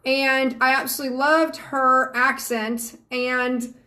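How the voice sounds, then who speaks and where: A woman's voice: high-pitched, level tone, slow pace, bright, forceful tone. A woman from Georgia, hosting a live stream as a psychic medium and chatting earnestly and affectionately with viewers. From Georgia, USA.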